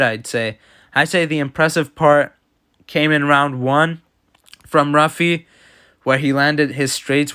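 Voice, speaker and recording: A man talks through fight results in casual reaction commentary. He is blunt and opinionated and waves off ideas he rejects. His voice is smooth and clear, at an ordinary middle pitch. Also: pushed and bright. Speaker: MMA commentator.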